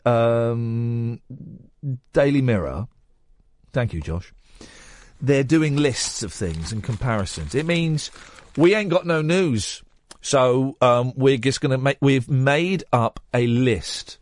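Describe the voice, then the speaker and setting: A man hosting a late-night radio show in casual chat, rambling and joking. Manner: rambling, jokey, lively pitch swings. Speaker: radio host. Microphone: studio microphone.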